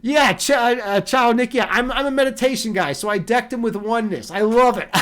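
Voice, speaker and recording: A man's voice: extremely high pitch, fairly bright tone. A man streaming casually and talking with his chat in a loose, profane, rambling way. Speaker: livestreamer and meditation teacher. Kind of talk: casual livestream chat reading viewer comments.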